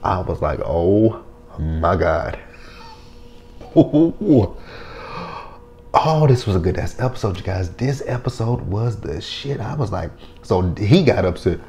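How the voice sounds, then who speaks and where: Low-voiced man recapping a TV episode. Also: slow, long pauses, a little hiss or hum. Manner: animated, profane, acts out the scenes with quotes. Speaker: TV episode reviewer. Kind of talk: casual recap vlog.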